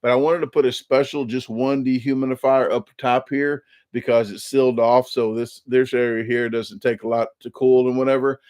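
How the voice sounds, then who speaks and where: A man's voice: mid-range voice, level tone, normal speed, hardly any pauses, darkish tone, no echo, studio quality. Rambling man on a live stream. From Illinois. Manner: rambling, repeats words and restarts often. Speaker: YouTube channel host. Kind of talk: casual live-stream chat.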